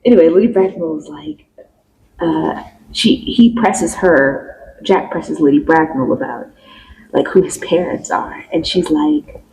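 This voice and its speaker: A woman co-hosting a podcast, chatting casually as she retells a play's plot and acts out the quotes in a higher voice. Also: a little slow, darkish tone, slight background noise, low-quality recording. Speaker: podcast co-host. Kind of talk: casual chat recapping a play.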